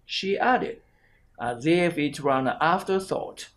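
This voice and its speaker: A man's voice: on the high side, lively intonation, a bit bright. A male exam prep teacher, reading an English exam passage aloud carefully. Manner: slow, careful read-aloud.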